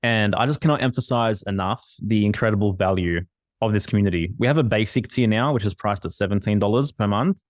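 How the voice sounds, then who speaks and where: A man's voice: fairly low pitch, fast, dry recording, studio quality. A man hosting a podcast, enthusiastically promoting membership tiers with emphatic delivery. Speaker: podcast host. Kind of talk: promotional read.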